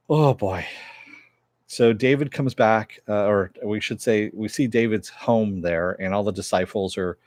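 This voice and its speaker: A man's voice: fairly low pitch, dry recording, clean studio sound. A man casually recapping and reviewing a TV episode, rambling with many fillers as he retells the plot.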